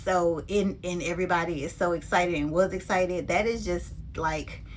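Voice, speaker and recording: A woman's voice: fairly low pitch, moderate pace, slight background noise. Chatty woman vlogging about handbags. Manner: chatty and animated, talks straight to her viewers. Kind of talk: casual unboxing chat to viewers.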